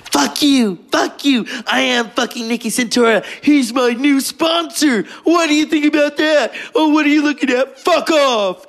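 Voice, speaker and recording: A man voicing a furious, foul-mouthed woman yelling at a mobster, shrieking and cursing. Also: very high voice, moderate pace, creaky, hardly any pauses, voice pushed up, heavily acted.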